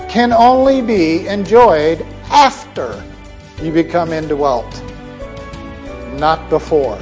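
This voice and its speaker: Slow, high-voiced emphatic male preacher. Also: animated, soft background music. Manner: emphatic, with sudden swings in pitch and loudness. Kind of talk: sermon.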